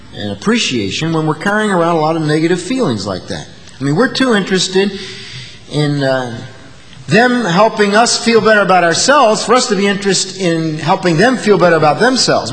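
A man's voice: sits high, a bit bright, big-room sound, low-quality recording. A male pastor delivering an earnest sermon, building to emphatic peaks. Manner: earnest, rising to emphatic peaks, acting out quoted insults.

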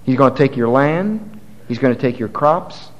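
A man's voice: medium pitch, lively intonation, moderate pace, long reverb tail, muffled recording. A male pastor preaching a sermon, reading scripture aloud and building to emphatic, rising passages.

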